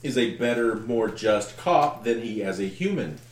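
Male co-host, measured delivery, off-mic and echoey, faint hiss. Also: lowish voice, lively intonation. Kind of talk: casual movie discussion. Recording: roomy and distant with faint noise.

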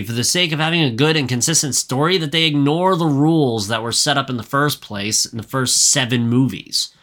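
A man's voice: medium pitch, fairly quick, hardly any pauses, fairly bright tone. A man co-hosting a podcast, recapping a movie in casual chat, profane and ranting with lots of filler words. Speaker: podcast co-host.

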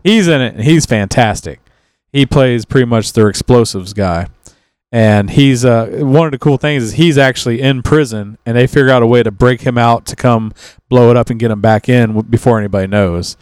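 Man, smooth clear voice, dry close sound, casual podcast chat, rambling. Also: medium pitch, brisk, no echo. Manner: rambling, relaxed, with many restarts and trailing sentences.

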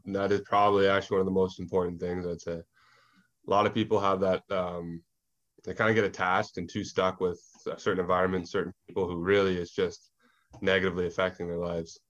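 A man hosting a podcast with a very deep, low voice. He speaks in a relaxed, thoughtful way, and the recording sounds dull and lo-fi. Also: fairly quick. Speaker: podcast host. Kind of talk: casual interview. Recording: dull lo-fi audio.

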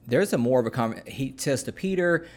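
Medium in pitch, expressive and slightly mellow, this man explains scripture as a podcast co-host in a casual, talk-show style. He takes his time, often restarting sentences and dropping in fillers.

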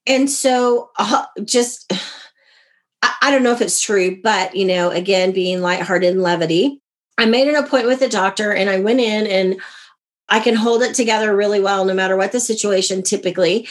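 Animated woman guest telling a story. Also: mid-range voice, normal speed. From America. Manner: animated, acts out quoted dialogue. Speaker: guest, author. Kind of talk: conversational interview storytelling.

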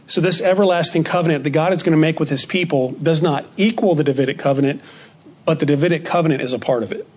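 A man teaching a Bible study lesson in a somewhat higher voice. He speaks in a measured way and repeats key phrases for emphasis. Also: darkish tone.

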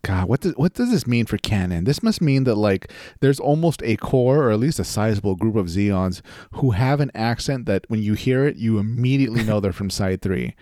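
A man co-hosting a podcast in casual chat, animated and laughing often, his voice jumping up when he gets excited. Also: lowish voice, moderate pace, few pauses, no room sound, clean studio sound. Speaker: podcast co-host.

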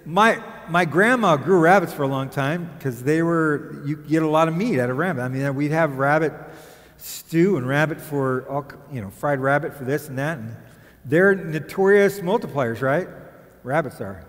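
A man pastor preaches in a loose, chatty way, drifting into jokes and asides. His voice sits fairly high for a man. A long reverb from a large church sanctuary trails after his words. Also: moderate pace. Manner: jokey, rambling and chatty. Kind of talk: conversational sermon.

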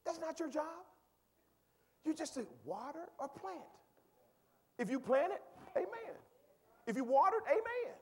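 A male pastor preaching with a high voice that leaps wildly, from low murmurs up to ringing exclaims. He talks with his congregation, asking them questions and repeating words as he builds. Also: lively intonation, unhurried, pauses often, a little hiss or hum. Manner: conversational, asks the congregation questions. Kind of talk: sermon.

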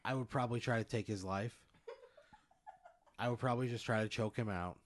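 Man, lowish voice, casual chat; plays along, swears, sounds fed up. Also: brisk, slight background noise. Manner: answers in character, swearing and exasperated. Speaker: guest playing along.

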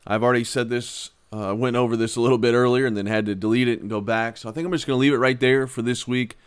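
A man teaching a Bible lesson on his podcast, telling a self-mocking everyday story in a conversational way, then gently urging listeners on. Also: mid-range voice, steady tone, quick pace, smooth, no echo. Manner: earnest, gently exhorting. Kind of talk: casual devotional podcast talk.

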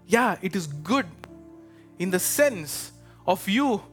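A man's voice: high-pitched, very animated, slow, soft background music. A man preaching a fervent sermon to his congregation, calling out to them, urging them and rousing them to respond. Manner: fervent, exhorting, calls out to the congregation. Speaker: pastor. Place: church with a live congregation.

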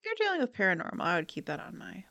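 Woman co-host, lowish gravelly voice, blunt reactive chat. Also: huge pitch swings, very fast, sharp tone, no room sound, muffled recording. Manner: reactive, blunt, swears freely. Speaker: podcast co-host. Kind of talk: casual chat.

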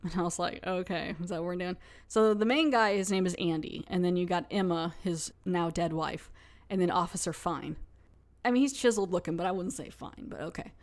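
A woman's voice: fairly low pitch, fairly quick. A woman hosting a podcast, recapping a TV episode in a chatty, casual way full of fillers. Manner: chatty, lots of "like". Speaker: podcast host.

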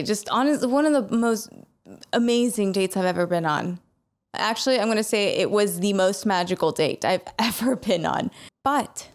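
A woman sharing a personal story in an earnest, emotional way, often restarting her sentences and laughing softly between thoughts. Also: on the low side.

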